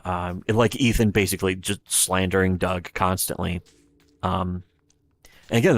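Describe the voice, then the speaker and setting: A man giving rambling, profane livestream commentary, retelling scenes with quoted voices. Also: fairly low pitch. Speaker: streamer.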